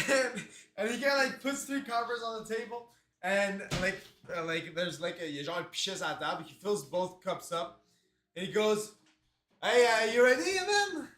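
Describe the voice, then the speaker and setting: Man, Quebec French accent, game master, bright tone, roomy echo. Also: high-pitched, moderate pace. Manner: loose, filler-heavy, laughing. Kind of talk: narrating a tabletop game. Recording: roomy echo, faint noise.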